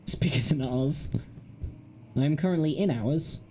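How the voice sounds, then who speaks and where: A woman's voice: low-pitched, normal speed, dark tone, a little hiss or hum. A woman hosting a gaming video, chatting casually and giggling with wry asides as she plays. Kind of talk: casual let's-play commentary.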